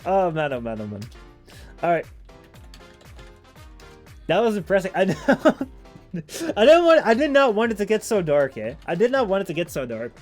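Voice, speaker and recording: Male streamer, slightly high voice, loose rambling chat over faint music. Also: huge pitch swings, normal speed, pauses often. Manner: rambling, many fillers and restarts, laughs often. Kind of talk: casual chat.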